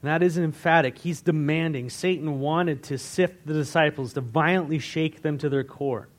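This pastor's voice leans high and his pace is moderate as he delivers a conversational sermon, posing questions to the congregation and putting scripture into plain, everyday words.

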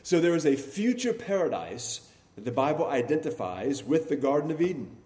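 A man as pastor, preaching an expository sermon in a measured teaching manner, stressing key words and pausing with fillers. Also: a little high, very animated, warm tone.

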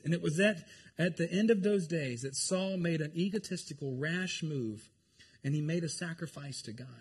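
A man preaching a lively, joking sermon to his congregation. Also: on the high side, slightly rough. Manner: animated, jokey, talks to the congregation. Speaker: pastor.

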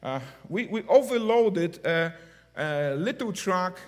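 Man preaching with lively swings. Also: sits high, slow pace. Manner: heartfelt, broken English, swings from hushed to loud. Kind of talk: sermon. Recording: long hall reverb.

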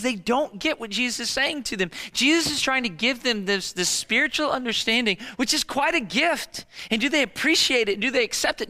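A man in his thirties preaching a sermon, telling stories in an animated way and acting out the people in them in quick voices. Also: very high-pitched. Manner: animated storytelling, acts out disciples and kids in quick voices. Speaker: pastor.

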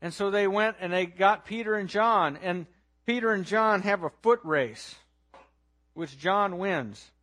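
High-voiced man preaching a dramatic sermon. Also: measured pace. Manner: dramatic, swings from hushed to loud; asks listeners to imagine the scene. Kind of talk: storytelling sermon.

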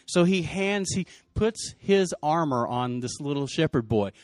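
A male pastor preaching a sermon, telling the story in lively, casual slang and acting out the people's lines. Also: on the high side, unhurried, dry recording, clean studio sound.

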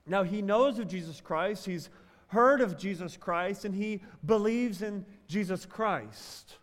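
A man preaching a sermon in a high, bright voice. He builds to loud, emphatic lines, then drops to slow, soft ones. His voice rings out with a long hall reverb. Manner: preaching with swings from loud emphasis to quiet, drawn-out phrases. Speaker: pastor.

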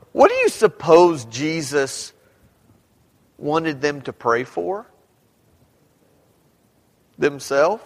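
A male pastor preaching a sermon, talking conversationally, firing rhetorical questions at the congregation and rising at times to a shout. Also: on the high side. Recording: reverberant hall.

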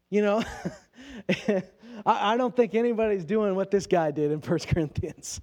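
A man's voice: high voice, a little slow, a little mellow. A man preaching a sermon in a conversational way, asking his listeners rhetorical questions and acting out quoted speech in everyday voices. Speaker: pastor.

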